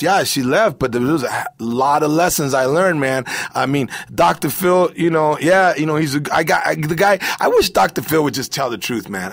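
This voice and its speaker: Animated male comedian, slangy and dry. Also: on the high side, moderate pace, gravelly, hardly any pauses, dry recording. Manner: animated storyteller who keeps saying "man" and "bro". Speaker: comedian and interview guest. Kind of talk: casual interview chat.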